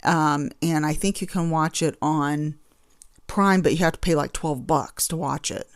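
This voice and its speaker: A woman with a low voice hosts her own podcast at a measured pace, recorded dry with clean studio sound. She chats casually and rambles, getting exasperated over small annoyances.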